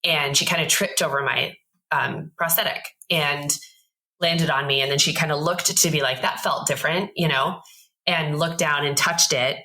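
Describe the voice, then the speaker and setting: Low-voiced, bright woman telling a story. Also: moderate pace, poor audio. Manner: animated storyteller, acts out quoted voices. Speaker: podcast guest. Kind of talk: casual storytelling interview.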